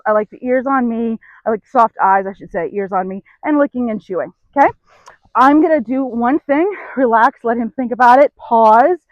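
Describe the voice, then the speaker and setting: A woman horse trainer talks the camera through a hands-on demonstration while she works a horse. Her voice sits a little high, and she breaks off now and then to praise the animal softly. The recording is dry, with a slightly dull, muffled tone. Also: dry recording.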